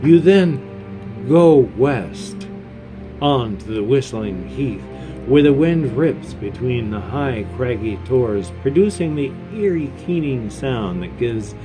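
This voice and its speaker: A man in his fifties giving gameplay commentary, sarcastic and self-deprecating, rambling between bits of read-out game text. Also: medium pitch. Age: 50s. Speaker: gamer.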